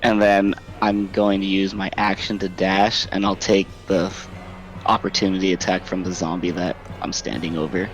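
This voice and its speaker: A man's voice: low voice, flat delivery, moderate pace, soft background music. A man playing a tabletop game, laying out his character's moves and often laughing and repeating himself as he thinks. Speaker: player.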